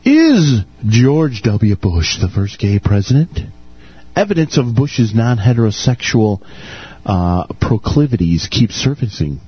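A man's voice: medium pitch, very animated, measured pace, breathy edge, lo-fi sound. A man co-hosting a casual comedic podcast, joking around in a laid-back way. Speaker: podcast co-host.

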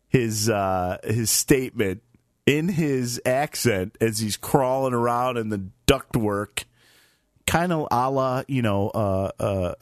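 A man's voice: medium pitch, dry recording, studio quality. A man co-hosting a casual talk show, rambling with lots of fillers and frequent laughs. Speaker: co-host. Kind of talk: casual banter.

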